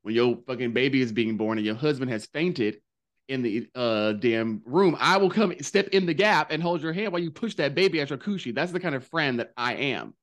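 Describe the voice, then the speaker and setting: Man, podcast co-host, casual recap chat, animated, gossipy, profane, medium pitch. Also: fairly quick.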